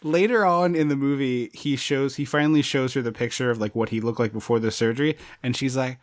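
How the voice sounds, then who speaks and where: A man's voice: medium pitch, a little fast. A man co-hosting a casual podcast chat, joking and laughing often as he talks. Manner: joking, laughs often, slips into silly put-on voices. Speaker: podcast co-host.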